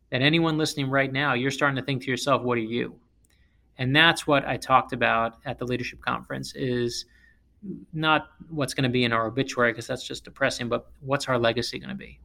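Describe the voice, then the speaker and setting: A man who is an author, from South Florida, telling stories in an interview in an emphatic, animated way. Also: medium pitch, creaky. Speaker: author and guest speaker. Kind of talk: interview storytelling.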